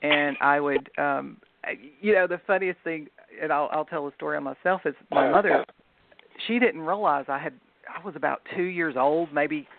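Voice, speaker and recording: A woman's voice: low-pitched, moderate pace, gravelly, a little hiss or hum. A woman from the American South, a guest author, telling chatty stories and laughing often. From Southern United States. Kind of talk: casual storytelling interview. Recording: tinny phone line.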